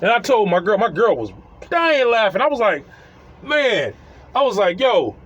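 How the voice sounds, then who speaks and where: A man's voice: high-pitched, big pitch swings, moderate pace, a bit bright, highs cut off. A man, a landlord, telling a funny story about his tenants in a casual style. He laughs often and keeps acting out what people said. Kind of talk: comedic storytelling.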